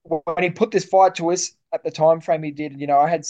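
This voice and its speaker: A man's voice: on the high side, a little fast, lo-fi sound. An Australian man, a boxer, talking casually and confidently in an interview, calling his host mate. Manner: relaxed, matey, confident.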